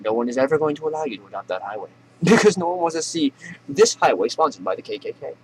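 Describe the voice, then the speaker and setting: A man's voice: medium pitch, big pitch swings, quick pace, a little hiss or hum, rough recording. A man hosting a comedy news show, ranting sarcastically and profanely and laughing at his own jokes.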